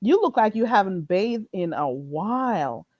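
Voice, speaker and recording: A woman's voice: mid-range voice, very animated, unhurried, a little mellow, dry recording, lo-fi sound. A woman hosting her own livestream, ranting bluntly and mockingly at a viewer. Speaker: channel host. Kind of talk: livestream rant.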